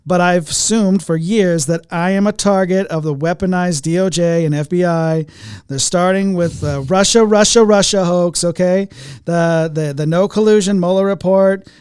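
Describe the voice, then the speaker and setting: A man's voice: sits high, darkish tone, clean tone, no echo, clean studio sound, pitched above the performer's own voice, close to an everyday voice. A man doing an impression of a boastful older politician, emphatic and drawn out, tagging on "okay?".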